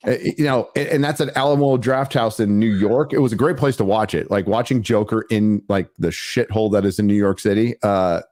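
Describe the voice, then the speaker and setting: A man's voice: on the low side, a little fast, few pauses, darkish tone, no echo, clean studio sound. A man hosting a casual panel chat, telling blunt, profane anecdotes. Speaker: host.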